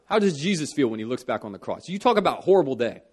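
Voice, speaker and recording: A young man preaching a sermon in church. He talks earnestly, lifting his voice for emphasis and dropping it low for solemn parts. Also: very animated, quick pace, a little mellow, husky.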